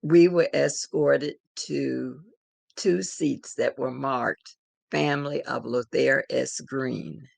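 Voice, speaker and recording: An older woman telling a personal story in an interview, in a measured, reflective way. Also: a bass voice, steady tone, vocal fry, darkish tone, breathy edge, no echo. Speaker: interviewed elder.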